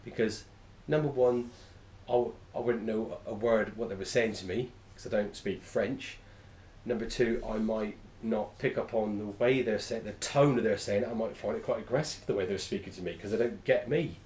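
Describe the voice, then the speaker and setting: A man's voice: fairly low pitch, normal speed, a little mellow. A man teaching a class, enthusiastic and rambling, often correcting himself mid-sentence. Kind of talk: classroom lecture. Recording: echoey room.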